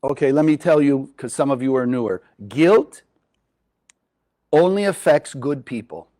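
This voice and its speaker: A man giving a spiritual Kabbalah teaching to a live group, lively and often asking his listeners questions. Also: mid-range voice, a little slow. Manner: animated, asks the audience questions.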